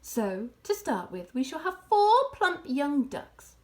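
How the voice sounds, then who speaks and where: Storybook fox father, high and lively, voiced by a woman, puffed up and pleased. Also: slow pace, exaggerated voice. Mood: gleeful. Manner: grand, relish-filled, commanding. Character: proud, showy adult male fox, head of family.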